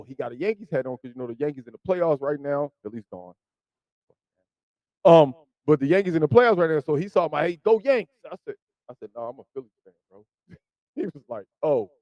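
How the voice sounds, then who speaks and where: A man hosting a podcast, chatting casually about football and swinging from low mutters to loud emphasis. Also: dry recording, highs cut off. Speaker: podcast host. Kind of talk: casual sports chat.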